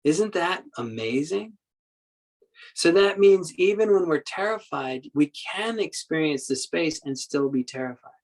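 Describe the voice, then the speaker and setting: A man giving a Buddhist dharma talk as a meditation teacher, telling stories in a halting way with many repeated words and acting out quoted speech. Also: a little high, lively intonation, rough recording. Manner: acts out quoted speech in the story.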